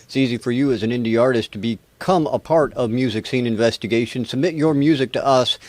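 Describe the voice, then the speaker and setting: A man's voice: medium pitch, brisk, darkish tone, no room sound. An American man hosting a live music review webcast, chatty and rambling with a self-deprecating touch. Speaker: show host.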